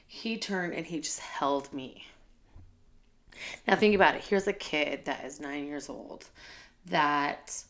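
A woman's voice: low-pitched, slow, pauses often, a bit bright. A woman who works as a school teacher and leader, telling a personal story in a candid, heartfelt way with many fillers.

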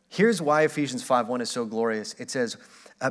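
A man's voice: medium pitch, moderate pace. A man in his thirties, a father, giving a conversational sermon and asking "right?" to check the listeners are with him. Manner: conversational preaching with frequent restarts and "right?" tags. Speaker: pastor.

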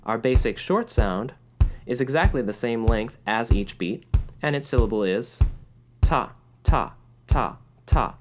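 A man's voice: mid-range voice, animated, moderate pace. Man teaching music, sings syllables. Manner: clear, explanatory, sings rhythm syllables. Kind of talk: scripted lesson narration.

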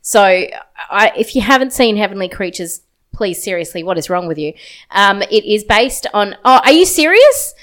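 A woman co-hosting a podcast, telling stories in a lively, laughing way. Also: medium pitch, normal speed. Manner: animated storyteller, laughs often. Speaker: podcast co-host. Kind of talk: casual storytelling chat.

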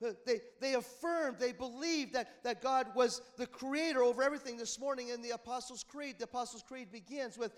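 A man preaching a sermon as pastor, swinging between loud emphatic bursts and quiet, low passages. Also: normal speed, few pauses. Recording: long hall reverb.

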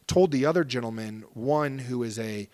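A man's voice: mid-range voice, moderate pace, a little mellow. Earnest man in his thirties, swearing. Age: 30s. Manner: earnest, openly emotional, swears casually. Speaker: podcast guest. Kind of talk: casual storytelling interview.

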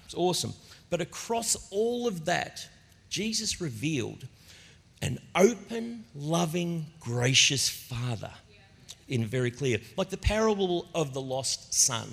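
A man's voice: on the high side, measured pace, vocal fry. Aussie pastor guy preaching, chatty storyteller, voice all over the place, big echoey church hall. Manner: animated, conversational storytelling preacher. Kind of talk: sermon. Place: church auditorium. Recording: long reverb of a church hall.

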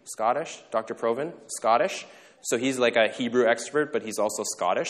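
A male pastor at an ordinary middle pitch gives an easygoing, conversational sermon with a long reverb, as though recorded in a large church sanctuary. He keeps breaking off for jokes, quick asides, and brief questions to the congregation.

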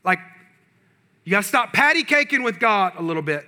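A male pastor delivers a sermon in a loose, conversational voice, repeating lines for emphasis. His voice sits high. It has a sharp, bright edge. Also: very animated, fairly quick. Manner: preaching with rising intensity, quoting imagined prayers.

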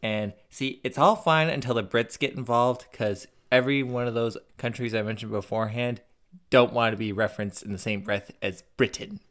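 A man co-hosting a podcast in relaxed conversation. His voice sits at an ordinary middle pitch, and he teases his co-host in a dry, sardonic way. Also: moderate pace. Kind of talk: casual chat.

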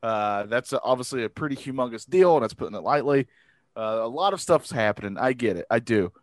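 A man's voice: mid-range voice, lively intonation, fairly quick, no room sound. A man hosting a casual podcast chat who rambles, with many fillers and restarts. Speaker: podcast host.

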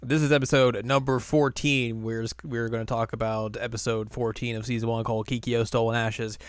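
A man with a middle-pitched voice hosts a podcast in easy, joking chat, now and then sliding into goofy character voices. His voice sounds dry and close, with no room sound at all. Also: level tone, fairly quick, clear, resonant tone, no room sound. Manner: jokey, puts on silly voices for characters. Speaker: podcast host. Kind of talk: casual chat.

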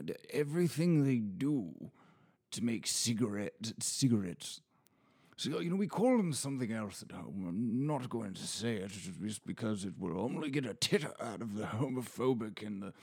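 A man with a husky voice that swings widely in pitch chats off-script in a recording studio. He sounds tired and punchy, and he keeps slipping into mock-British pub talk. He talks at an unhurried, drawn-out pace. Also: big pitch swings, a little mellow. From Washington State, USA. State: punchy and tired after a long day. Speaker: audiobook reader. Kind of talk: rambling off-script chat.

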